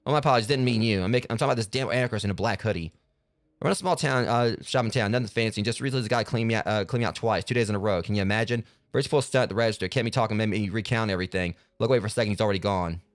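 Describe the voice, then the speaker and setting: A man voicing a gruff male shop owner who grumbles and curses as he talks. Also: fairly low pitch, no echo, clean studio sound, lightly acted. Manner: grumbling, cursing.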